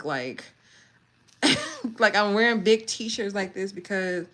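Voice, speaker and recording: A woman from California hosting a livestream, chatting casually and directly with her viewers, animated and laughing often. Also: mid-range voice, slow pace. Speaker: livestream host. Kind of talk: casual live chat with viewers.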